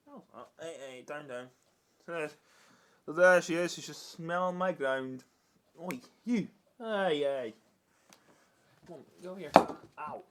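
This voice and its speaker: A man's voice: on the high side, measured pace, pauses often, fairly bright tone. A young man, chatting in a casual vlog, rambling with many restarts and scolding and cooing at his dog. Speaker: vlogger.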